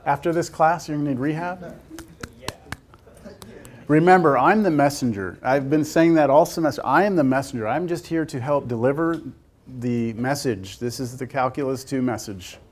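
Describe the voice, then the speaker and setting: In a classroom lecture on calculus, the instructor, a man, keeps things casual and jokey while talking through problems out loud. He speaks at normal speed in a mid-range voice.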